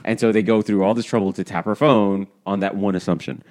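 A man in a casual book podcast, explaining the plot in halting, self-correcting bursts. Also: lowish voice, steady tone, a little mellow. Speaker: podcast co-host.

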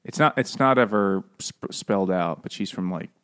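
A man's voice: low voice, normal speed, a bit bright, clear, resonant tone. A man casually discussing a novel with a friend, rambling, swearing and laughing often. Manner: rambling, laughing, profane, slips into mocking voices.

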